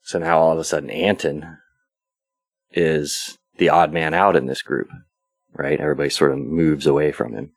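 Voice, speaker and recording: A man hosts his own podcast alone, walking through a film scene by scene in a loose, conversational way. His voice sits very low, and the recording is close and dry, with no room sound. He pads his thoughts with fillers and drops into quick quoted asides. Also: creaky, dry recording, faint music behind. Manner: rambling, relaxed retelling with fillers and brief quoted asides. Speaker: podcast host. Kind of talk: casual solo podcast recap.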